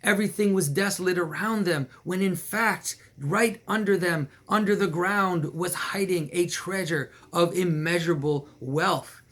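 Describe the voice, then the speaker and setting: Give me a calm old wizard laying out secrets, as a man telling a tale puts him on. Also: sits high, unhurried, hardly any pauses. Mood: revealing.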